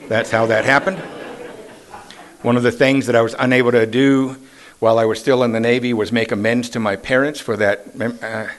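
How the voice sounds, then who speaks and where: A man's voice: medium pitch, fairly even intonation, fairly quick. A man in his sixties sharing his personal recovery story at a meeting, with self-deprecating humor and casual questions to the audience. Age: 60s. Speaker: AA meeting speaker. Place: meeting hall.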